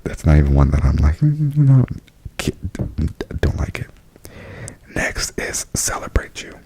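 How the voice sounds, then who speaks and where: A man softly speaking and whispering in a chatty ASMR review, full of fillers, close to the mic. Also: a bass voice, big pitch swings, a little slow, poor audio. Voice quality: whispery, breathy.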